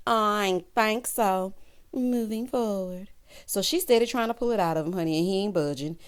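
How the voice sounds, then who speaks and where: Woman, recap host, sassy, animated, casual commentary, sharp pitch swings. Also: normal speed, clean tone. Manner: sassy, animated, talks straight to the viewers; big pitch jumps for emphasis.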